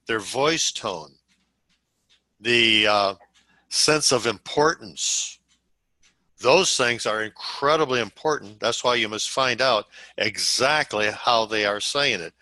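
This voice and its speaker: A man coaching a group on how to invite people, speaking slowly and deliberately and acting out sample calls. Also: mid-range voice, pushed and bright, dry recording, rough recording. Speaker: sales trainer.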